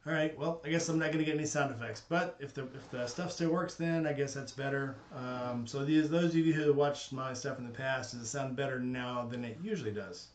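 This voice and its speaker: A man's voice: medium pitch, steady tone, brisk, few pauses, a little hiss or hum. Sex: man. Role: live streamer. Style: casual chat with viewers, thinking aloud, slightly hesitant. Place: small home studio. Mic: desk condenser mic. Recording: roomy echo. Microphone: condenser microphone at a desk.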